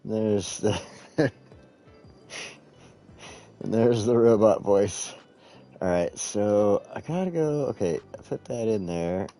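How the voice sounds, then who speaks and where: A man chats loosely to his stream audience, swearing and trailing off while he clicks through menus. His lowish voice swings up and down a lot. Faint music plays underneath. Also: lively intonation, slow, pauses often, warm tone. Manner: rambling, profane, talks to chat while clicking around. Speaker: live-streaming gamer. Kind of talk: casual live-stream chat. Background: faint background music.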